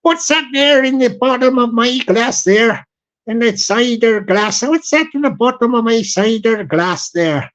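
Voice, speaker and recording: A man voicing a puzzled old-time pub drinker who talks in a slow, wondering country drawl. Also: very high voice, expressive, fairly bright tone, muffled recording, full character voice.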